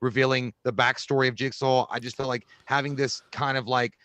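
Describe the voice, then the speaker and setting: A man co-hosts a casual movie review chat, getting worked up and swearing freely as he argues his points. His voice sits at an ordinary middle pitch. The sound is dry and close, with no room echo. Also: brisk. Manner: animated, swearing, acts out voices mid-story. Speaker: co-host.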